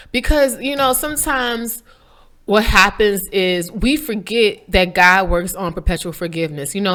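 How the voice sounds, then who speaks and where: A woman, talking to viewers in a casual inspirational vlog, animated and preachy with a playful streak. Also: medium pitch. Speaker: faith vlogger. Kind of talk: casual inspirational talk to camera.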